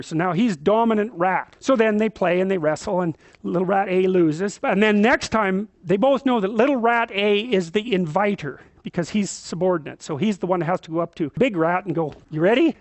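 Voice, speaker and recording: A man's voice: high-pitched, dry recording. A man giving a psychology lecture as a story, emphatic and chatty, full of asides. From Canada.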